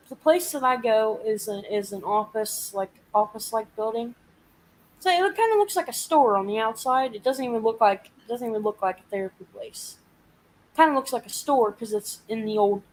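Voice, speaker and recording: A woman's voice: fairly high pitch, a little mellow, a little hiss or hum, rough recording. A woman hosting a casual live chat, venting and swearing as she animatedly retells a frustrating week. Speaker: live stream host.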